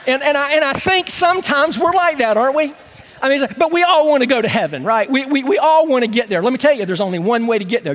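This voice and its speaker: A man preaching a sermon as pastor in a church, talking conversationally, repeating words as he starts sentences and slowing down to stress key phrases. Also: extremely high pitch, sing-song, fairly bright tone, big-room sound. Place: church sanctuary.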